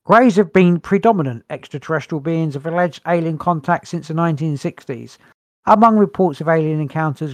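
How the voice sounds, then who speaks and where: A man's voice: on the high side, no room sound. A man co-hosting a podcast, reading notes aloud in a casual chat with wry, dry humour and the odd sigh. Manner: wry, dry humour, sighs between points. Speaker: podcast co-host.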